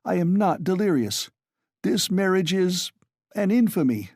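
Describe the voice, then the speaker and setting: A sickly young man pushed to the edge, snapping short commands in a raised, strained voice, as a male reader puts him on. The tone is dark and close, with sharp swings in pitch. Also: sing-song, a little slow, no echo, full character voice. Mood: insistent. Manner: snapping, insistent.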